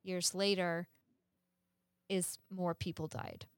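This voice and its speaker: A woman's voice: fairly low pitch, steady tone, takes it slowly, no room sound, clean studio sound. A woman co-hosting a podcast, explaining things earnestly in casual chat, laughing often and cursing now and then. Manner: curses casually.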